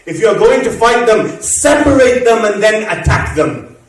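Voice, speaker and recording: A man with a high-pitched voice tells religious stories at a mourning gathering, acting out the dialogue. His voice carries from far off the mic and rings through a very reverberant hall. At the emotional parts he sinks into a soft, low tone. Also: lively intonation, normal speed. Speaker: Muharram speaker. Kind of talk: religious lecture storytelling. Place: mosque or community hall.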